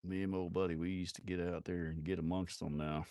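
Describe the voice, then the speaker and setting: Man, lowish voice, dry close sound, profane, laughing storyteller. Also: flat delivery, fast talker, dark tone, no echo. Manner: rowdy, profane, laughing through his stories. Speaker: live streamer telling stories. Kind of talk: casual storytelling.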